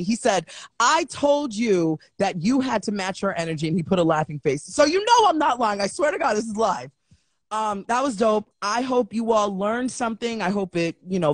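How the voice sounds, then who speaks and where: A woman hosting a live show, telling stories with animated energy and acting out back-and-forth exchanges. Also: mid-range voice, dry recording. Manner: animated storyteller who acts out exchanges. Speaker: host of a live online show. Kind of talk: casual live-stream chat. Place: at home.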